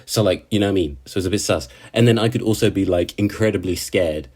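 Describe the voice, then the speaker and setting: A man with a fairly low voice talks through an anime episode in a loose, chatty way. He rambles, restarts his sentences and drops casual slang as he goes. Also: fast, a little mellow. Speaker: anime reviewer. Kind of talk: casual episode recap commentary.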